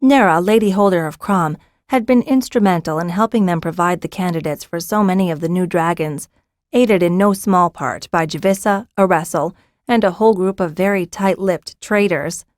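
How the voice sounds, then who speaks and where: A woman narrating a fantasy audiobook in a steady, even storytelling voice. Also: on the low side, moderate pace, no echo, studio quality.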